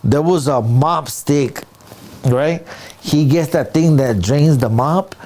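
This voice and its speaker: A comedian in an interview telling a story casually, with street slang, sound effects and many "right?" and "dude" tags. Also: male voice, a little high, slow pace, mellow. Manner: many restarts and fillers.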